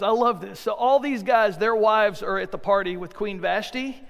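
A man's voice: high-pitched, moderate pace, hardly any pauses, long reverb tail. A man preaching a sermon as pastor, talking conversationally with joking asides and often repeating words as he restarts.

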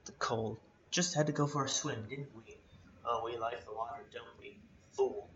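A man voicing a blind, coughing old hermit with a raspy, muttering voice. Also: mid-range voice, steady tone, normal speed, a bit bright, muffled recording, a little hiss or hum, close to an everyday voice. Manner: muttering, wheezy.

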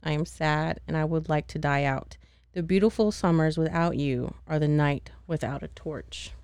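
A young woman hosting a casual podcast chat, animated, laughing often and swearing freely as she acts out scenes. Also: low voice, normal speed, smooth, dry recording. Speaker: podcast host.

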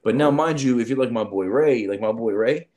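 Slangy, animated man telling stories. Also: mid-range voice, a little fast. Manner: animated, acts out quotes in changed voices; slangy, says "bro" a lot. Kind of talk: casual storytelling chat.

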